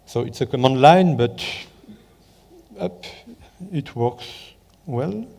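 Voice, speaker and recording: A man with a French accent delivers a conference talk in careful, hesitant English, stopping often for fillers and self-corrections. His voice is mellow and rather dark. The sound carries the long reverb of a large hall. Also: medium pitch, animated, slow pace, creaky. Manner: hesitant, many fillers and restarts. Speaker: conference presenter. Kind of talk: conference talk with live demo.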